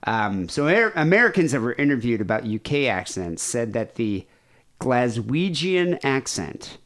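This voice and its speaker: A man's voice: medium pitch, very animated, moderate pace, fairly bright tone. A man hosting a podcast in casual chat, rambling and self-deprecating, with a somewhat nasal voice. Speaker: podcast host.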